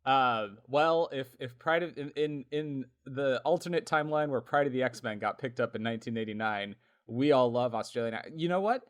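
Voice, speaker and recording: A man's voice: medium pitch, moderate pace, hardly any pauses, clean tone. Chatty man laughing through podcast banter. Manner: chatty, laughs often, lots of fillers. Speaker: podcast co-host. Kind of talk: casual podcast chat.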